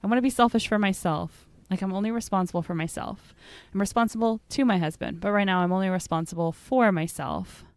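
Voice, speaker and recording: A woman's voice: medium pitch, fairly quick, few pauses, dry recording. Chatty woman podcast co-host, dry sound. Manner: chatty and opinionated, fills talk with "like". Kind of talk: casual chat about musical theater.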